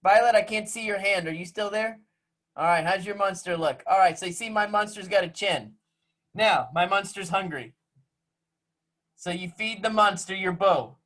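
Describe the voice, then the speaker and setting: A man's voice: sits high, normal speed, fairly bright tone. Playful male music teacher on a video call. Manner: playful, teasing, joking with young students. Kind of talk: online class instruction. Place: home room on a video call.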